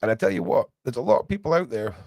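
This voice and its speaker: Fairly high-pitched, creaky and very fast, this man speaks with no echo. He hosts a casual livestream podcast, talking animatedly to his chat, calling them "mate," and casually swearing now and then.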